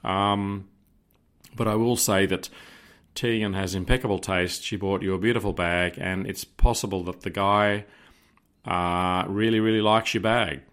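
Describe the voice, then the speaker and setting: A man co-hosting a podcast in casual chat, measured, dry and teasing. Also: deep voice, steady tone, a bit bright, clear, resonant tone. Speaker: podcast co-host.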